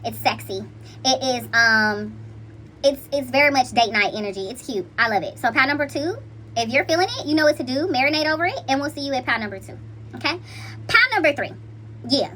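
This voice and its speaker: A woman's voice: high voice, expressive, fairly quick, bright, forceful tone, a little hiss or hum. A woman hosting a casual tarot reading, talking in a playful, slangy and chatty way to her viewers. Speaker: intuitive card reader.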